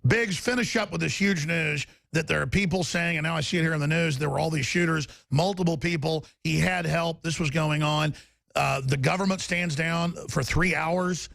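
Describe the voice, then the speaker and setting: Man, talk show host, angry rant, shouting, gravelly, dry sound. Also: a little high, moderate pace, no room sound. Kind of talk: heated talk radio rant.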